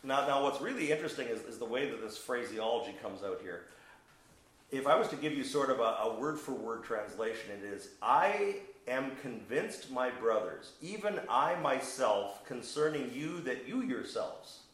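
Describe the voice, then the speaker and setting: A man's voice: medium pitch, expressive, moderate pace, fairly bright tone, roomy sound, rough recording. A man preaching a sermon, teaching verse by verse with emphatic, playful asides and questions to the congregation. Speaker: pastor.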